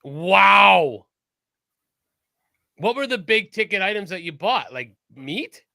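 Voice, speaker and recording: Bright-voiced joking podcast co-host man. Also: high voice, moderate pace, no room sound, clean studio sound. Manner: animated, swears freely, laughs often. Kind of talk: casual chat.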